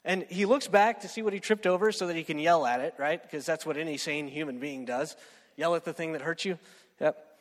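A man's voice: a little high, fairly quick, long reverb tail. A man preaching a sermon in a conversational storytelling way, often checking in with "right?". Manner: conversational, keeps asking "right?".

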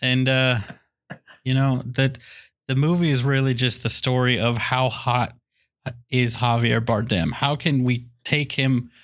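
A man co-hosting a comedy movie podcast, his voice set at an ordinary middle pitch. He rants loudly in playful bits, jumping into mock quoted voices as he riffs. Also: steady tone, measured pace. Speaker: podcast co-host. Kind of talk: comedic movie review banter.

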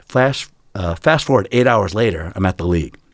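A middle-aged man from California telling a personal faith story in a casual group chat, animated and talking with his hands. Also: low voice, normal speed, no echo, clean studio sound. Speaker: church member sharing a testimony.

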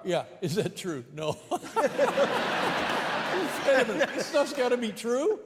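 An older man tells a dry, chuckling anecdote as a talk-show guest. His voice is fairly high for a man and carries a long reverb tail from a played-back broadcast. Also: sing-song, a little slow, very noisy. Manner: wry, with chuckles. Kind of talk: anecdotal storytelling.

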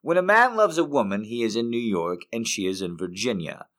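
A man hosting a show and reading poems aloud in an expressive way, lifting some lines and dropping others to a hush. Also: fairly low pitch, fairly quick. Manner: expressive reader, swings between lifted and hushed phrases. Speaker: host. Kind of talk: poetry reading.

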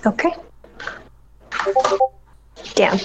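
A woman playing a tabletop role-playing game, eager and quick to laugh. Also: background noise. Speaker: player. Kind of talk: casual tabletop game play.

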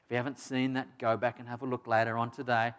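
A man's voice: medium pitch, flat delivery, quick pace, a bit bright, clean tone. Male preacher, conversational sermon delivery, emphatic, mid-range voice. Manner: conversational, emphatic, with frequent restarts and asides.

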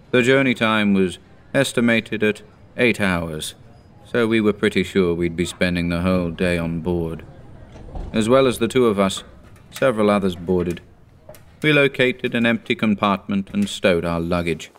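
A man in his thirties narrating a horror story in a measured, grave manner. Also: deep voice, smooth.

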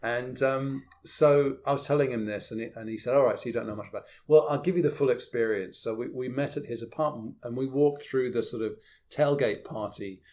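A man's voice: mid-range voice, moderate pace, darkish tone. A man with a British accent, an interview guest telling anecdotes with wry, self-deprecating humor. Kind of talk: anecdotal storytelling.

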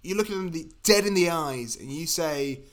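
This is a man co-hosting a comedy podcast. His voice is high for a man. He riffs with deadpan sarcasm, in casual chat. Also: normal speed. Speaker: podcast co-host.

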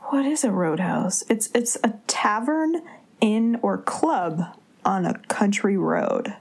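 A woman co-hosting a casual movie chat podcast, animated in her delivery. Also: medium pitch, slow pace, creaky, breathy edge. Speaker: podcast co-host.

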